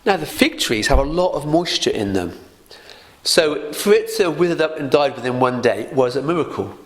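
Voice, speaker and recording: A man's voice: a little high, sing-song, moderate pace. A man giving a casual Bible teaching in a conversational way, often laughing lightly and asking rhetorical questions.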